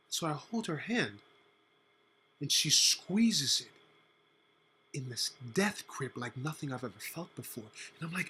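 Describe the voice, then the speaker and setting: Animated young man telling a story. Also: a little high, normal speed, slight background noise. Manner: animated, lots of "like" fillers. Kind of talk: casual personal storytelling.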